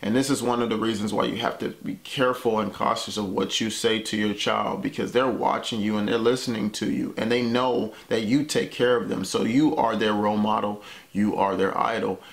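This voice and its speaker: A man's voice: fairly low pitch, steady tone, brisk, vocal fry. A young man telling a personal story to the camera in a loose, conversational way, dropping lots of "man" and "you know what I'm saying.". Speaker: vlogger.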